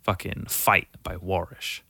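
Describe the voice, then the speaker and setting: A man's voice: deep voice, level tone, takes it slowly, gravelly, sharp tone, breathy edge, no room sound, clean studio sound. A man hosting a solo podcast, rambling casually, swearing constantly and correcting himself mid-sentence. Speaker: podcast host.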